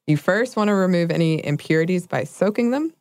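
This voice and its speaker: A woman's voice: lowish voice, expressive, a little fast, a little mellow, no echo. A woman co-hosting a casual food chat, laughing often and correcting herself. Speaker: podcast co-host.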